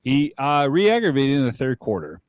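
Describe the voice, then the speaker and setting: A man's voice: mid-range voice, big pitch swings, normal speed, no echo, clean studio sound. A man co-hosting a casual comedic podcast, joking and profane as he plays the show's injury doctor. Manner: joking, profane, switches into bits.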